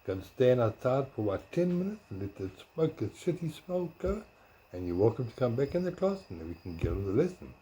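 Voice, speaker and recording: A man quoting a stern male schoolteacher in a hushed, near-whispered voice. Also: medium pitch, big pitch swings, a little fast, slight background noise, lightly acted. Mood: calmly stern. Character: stern male schoolteacher, soft-spoken and dry.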